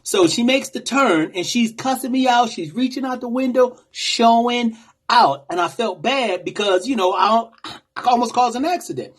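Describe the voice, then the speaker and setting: A man with a rather high, husky voice tells a story straight to camera. He talks casually and animatedly, as if chatting with viewers. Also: animated, moderate pace. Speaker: vlogger.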